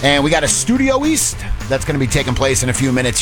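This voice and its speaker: A man from the US East Coast hosting a casual radio interview in a studio, energetic and chatty. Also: mid-range voice, quick pace, hardly any pauses, over music. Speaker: radio host.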